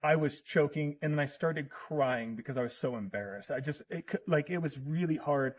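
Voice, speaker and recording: A man's voice: fairly high pitch, moderate pace, poor audio. A middle-aged man in casual conversation as a podcast guest, telling personal stories in an earnest, emotional way.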